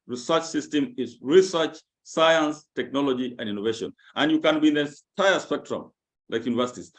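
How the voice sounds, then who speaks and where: A man giving a virtual training presentation. He talks earnestly over a video call, explaining points and repeating words as he searches for them. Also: mid-range voice. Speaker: government agency presenter.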